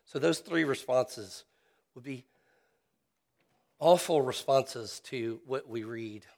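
A man's voice: medium pitch, takes it slowly, creaky, a little mellow. A man preaching a sermon as a pastor, talking in an earnest, conversational way and often restarting and repeating his words.

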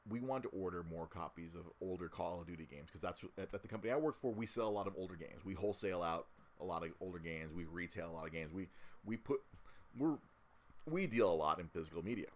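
A man's voice: low-pitched, animated, fast. A man co-hosting a casual podcast, talking with many stammered restarts and repeated words. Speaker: podcast co-host.

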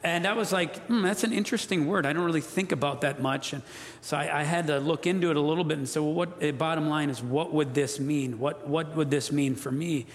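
A pastor preaches in earnest, pressing his points and having the room repeat key phrases. His voice sits fairly high for a man. The sound rings out with the long reverb of a church hall. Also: steady tone, a little fast. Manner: earnest, emphatic, leads congregation call-and-response. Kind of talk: sermon. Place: church sanctuary.

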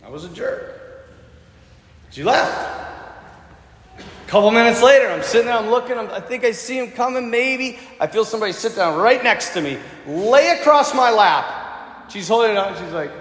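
A man's voice: sits high, moderate pace, pauses often, reverberant, in a large hall. A man giving a storytelling sermon to an audience, acting out the quotes as he goes. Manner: animated, acts out quotes. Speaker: speaker.

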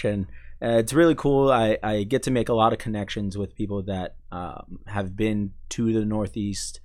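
A young man from Chicago who grew up in Maine, chatting casually as an interview guest, full of fillers and restarts and quick to laugh. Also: lowish voice. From Chicago, raised in Maine. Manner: halting, many fillers and restarts, laughs easily. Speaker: sports information staff, podcast guest.

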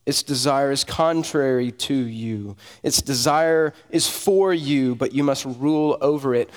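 A man's voice: mid-range voice, unhurried, few pauses. Man preaching in a reverberant hall. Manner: conversational preaching with rhetorical questions. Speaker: pastor. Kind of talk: sermon.

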